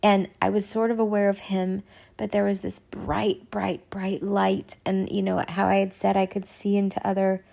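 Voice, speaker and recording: Gravelly-voiced woman giving a halting testimony. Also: mid-range voice, level tone. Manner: halting, searching for words with many restarts; soft, often dropping to a near whisper. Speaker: person sharing a spiritual testimony. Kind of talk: personal testimony monologue.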